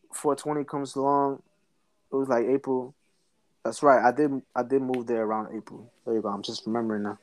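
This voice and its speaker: A man's voice: medium pitch, no echo. A young man casually telling a story to a friend, full of slang and swearing, laughing as he goes. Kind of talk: casual chat.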